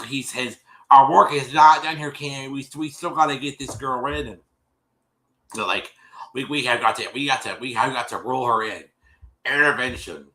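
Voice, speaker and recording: Guy host rambling thru a recap, super bright sharp voice, keeps restarting sentences. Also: mid-range voice, a little hiss or hum. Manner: rambling, many restarts, acts out quotes. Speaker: show host recapping an episode. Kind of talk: casual recap chat.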